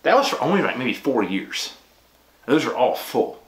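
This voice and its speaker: A man's voice: medium pitch, very animated, normal speed. A man talking casually to camera in a chatty, rambling way, with many restarts and ums. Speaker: pastor and vlogger. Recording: echoey room with clear background noise.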